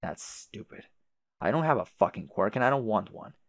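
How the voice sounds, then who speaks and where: A man's voice: fairly low pitch, expressive, moderate pace, no echo, studio quality, natural voice. A man voicing a grumpy, foul-mouthed young troll who talks bluntly and swears. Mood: dismissive.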